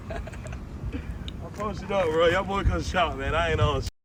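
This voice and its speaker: Seorang pria memerankan penipu jalanan muda yang santai dalam sketsa komedi, bicara dengan slang dan sambil terkikik. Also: male voice, fairly high pitch, slow pace. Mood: lazy boastful. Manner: slangy, drawling, giggly. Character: laid-back young male street hustler in a comedy skit. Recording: noisy outdoor street clip.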